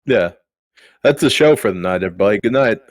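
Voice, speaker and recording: A man's voice: lowish voice, animated, fast talker, no room sound. A man hosting a podcast, chatting casually and crudely, bossing his co-hosts around. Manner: crude, joking, bossy with co-hosts. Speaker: podcast host. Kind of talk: casual comedic chat.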